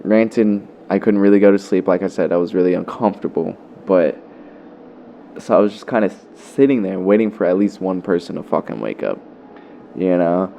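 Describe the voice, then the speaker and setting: A man's voice: low-pitched, expressive, moderate pace, gravelly, dark tone, lo-fi sound, slight background noise. A young man vlogger telling a story in a loose, profane way, full of fillers. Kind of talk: casual storytelling.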